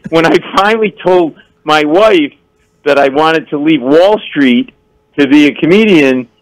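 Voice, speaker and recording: A middle-aged man, a comedian guest, telling animated stories in a radio interview and acting out people in voices. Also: a little high, a little slow, no echo, low-quality recording. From New York area. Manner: acts out characters in voices, laughing often. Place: radio studio.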